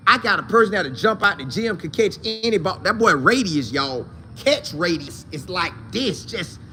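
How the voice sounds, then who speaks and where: Hype guy hosting a football show, kinda high bright voice, faint hiss behind him. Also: normal speed. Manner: animated, slangy, talks straight to viewers as "y'all". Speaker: sports show host. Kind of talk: casual football talk show.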